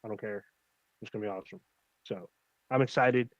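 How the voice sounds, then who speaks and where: A man's voice: on the low side, a little fast, no echo, dull audio. A man co-hosting a casual livestream chat, rambling and enthusiastic, swearing freely. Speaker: podcast co-host.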